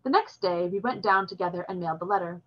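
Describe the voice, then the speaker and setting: Woman reading a novel aloud, steady plain storytelling, husky voice, dull lo-fi recording. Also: on the low side, quick pace. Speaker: reader.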